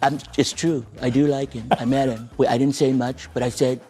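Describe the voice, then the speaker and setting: A man's voice: mid-range voice, flat delivery, a little fast, mellow, slightly rough, voice pushed down, close to an everyday voice. A man doing an impression of a boastful older male politician, repeating himself with self-assured bragging.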